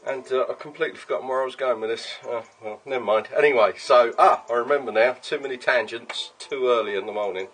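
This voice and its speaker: A man's voice: medium pitch, fast, hardly any pauses, fairly bright tone. A man rambles through a casual workshop vlog. He drifts off on tangents and swears without a second thought. Faint background noise sits under his voice. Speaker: workshop owner making custom paintball guns. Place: workshop with a milling machine.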